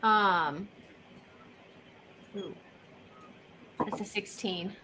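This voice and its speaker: A woman playing a tabletop role-playing game, speaking softly and hesitantly. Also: mid-range voice, very slow, noisy background. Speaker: player.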